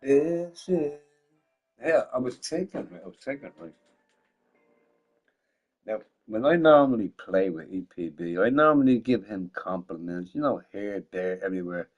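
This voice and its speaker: Pijany, hałaśliwy mężczyzna na streamie, przeklinający i powtarzający się. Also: male voice, lowish voice, lively intonation, normal speed, dull audio, soft background music. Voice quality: loud, swinging between shouting and mumbling. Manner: swears a lot, laughs often, repeats himself. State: drunk. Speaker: gaming streamer. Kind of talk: rambling casual livestream chat.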